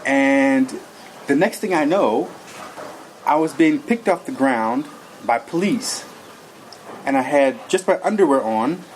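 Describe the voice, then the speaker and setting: A man's voice: fairly high pitch, a little hiss or hum, rough recording. A man recounting a personal experience in an earnest, rambling way, full of fillers and restarts. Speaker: guest telling his story. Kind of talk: personal testimony.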